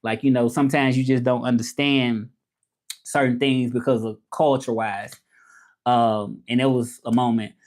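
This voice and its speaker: A man's voice: mid-range voice, fairly even intonation, normal speed, darkish tone. A man with a Southern US accent, chatting casually on a livestream and answering viewers as he talks about languages and interpreting.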